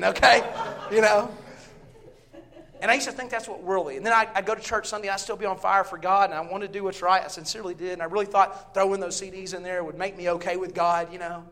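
A middle-aged man from the American South with a Southern accent, preaching a sermon in church, loud and storytelling, swinging from shouted lines to quiet asides. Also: high voice, level tone, fast talker. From Southern US, Texas.

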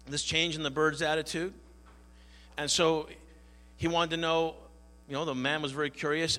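Bright-voiced pastor preaching in an echoing church. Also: male voice, on the high side. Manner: earnest prayer, then folksy storytelling with pauses and restarts. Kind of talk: sermon with prayer and a joke.

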